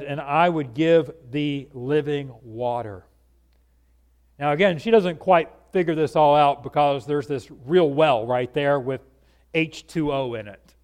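An earnest male preacher delivering a conversational sermon with a slightly raised pitch. He speaks to his listeners directly and keeps throwing rhetorical questions at them. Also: a little mellow.

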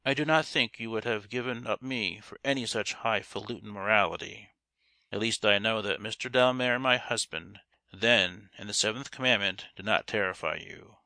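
A man's voice: lowish voice, normal speed, bright, forceful tone, dry recording. A man voicing a seductive, scheming woman who mocks and then pleads passionately, in a storybook reading. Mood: mocking. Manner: mocking then impassioned pleading.

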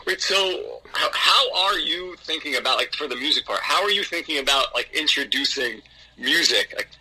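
Bright, husky young man. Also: a little high, expressive, moderate pace, poor audio. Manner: gushing, filler-heavy. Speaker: guest, new father. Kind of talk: casual podcast chat.

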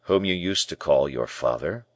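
A calm, guarded bishop who answers gravely and without hurry, as voiced by a man. The voice is deep and low. It is recorded close and dry. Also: no echo. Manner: slow, grave, measured replies.

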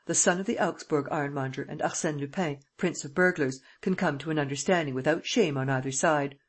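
Reader doing a cocky gentleman burglar, husky. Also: mid-range voice, lightly acted. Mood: persuasive. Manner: brisk, mocking, commanding. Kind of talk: audiobook dialogue reading.

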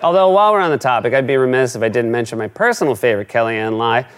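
A man's voice: medium pitch, lively intonation, very fast, smooth. A man hosting a late-night comedy show, giving a scripted monologue in a wry, sarcastic way.

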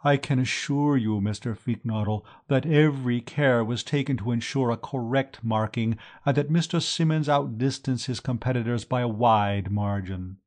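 A man's voice: medium pitch, normal speed, hardly any pauses, a little mellow, lightly acted. A man reading an audiobook, voicing a harried, formal male official who answers stiffly and placatingly.

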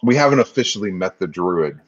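A man's voice: sits low, animated, a little fast, highs cut off. A man casually joking as a player at a tabletop game. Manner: joking, laughing easily.

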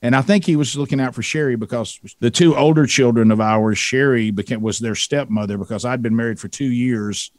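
Radio host, middle-aged man, storyteller who acts out voices, mid pitch, dry close mic. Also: brisk, few pauses, dry recording. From American South. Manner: animated, acts out voices in his stories. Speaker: radio show co-host, guest. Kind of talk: casual storytelling interview.

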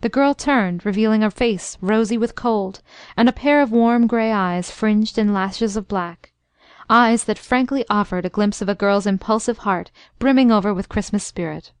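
A woman narrating a classic story in a steady, even storytelling voice. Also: mid-range voice, moderate pace, clear, resonant tone, no echo. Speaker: audiobook narrator.

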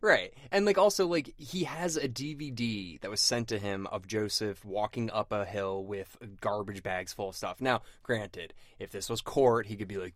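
Animated man in a dry room. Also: on the low side, normal speed, few pauses, dry recording. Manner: animated, laughing, slangy. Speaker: podcast co-host. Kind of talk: casual film discussion.

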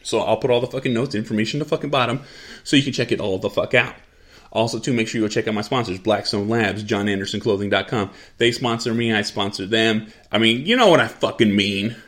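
A man's voice: on the low side, fast talker, fairly bright tone. A middle-aged man hosting his own podcast, ranting bluntly with constant profanity and repetition. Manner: profane, blunt, rants and repeats himself. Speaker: podcast host. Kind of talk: profane angry rant.

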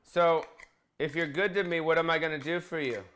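A man's voice: a little high, fairly even intonation, fairly quick, a bit bright. Crude, bossy man joking while cooking. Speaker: vlog host cooking. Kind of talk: casual comedic cooking vlog.

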